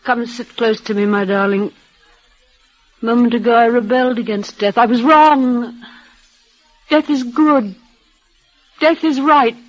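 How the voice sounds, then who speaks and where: Dying young woman, tremulous, breathless, halting, devoted, old radio drama, muffled recording. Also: on the high side. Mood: resigned. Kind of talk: vintage radio drama acting.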